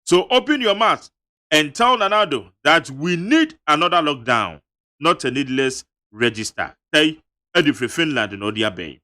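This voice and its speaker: A Ghanaian radio host reading listener messages aloud, with an emphatic, animated delivery that mixes reading with local-language asides. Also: male voice, mid-range voice, normal speed. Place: radio studio.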